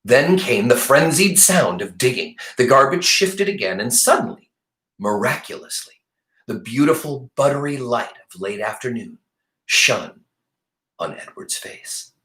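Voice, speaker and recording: Male teacher reading aloud, lively delivery. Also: medium pitch, a little slow, roomy sound. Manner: expressive, animated storytelling. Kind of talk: reading a novel aloud to a class.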